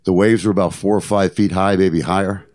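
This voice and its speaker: A man's voice: low-pitched, steady tone, fairly quick, darkish tone. An older man hosting a podcast, telling stories in an earnest, motivational way and repeating phrases for emphasis. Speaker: podcast host. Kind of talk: reflective storytelling monologue.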